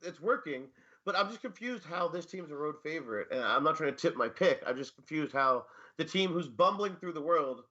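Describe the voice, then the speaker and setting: A man's voice: on the high side, animated, a little fast, pushed and bright, lo-fi sound. A man co-hosting a casual sports podcast, rambling with many fillers and dry jokes. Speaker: fantasy football co-host and teacher.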